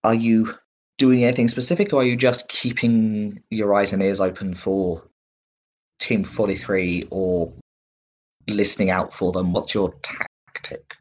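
A man narrating as game master in a relaxed, rambling way with many fillers. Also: lowish voice, measured pace.

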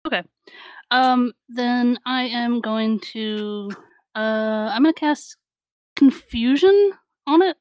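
A woman's voice: fairly high pitch, slow, darkish tone, clean tone, no echo, poor audio. A woman player in a tabletop game, chatty and laughing often. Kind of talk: casual tabletop game play.

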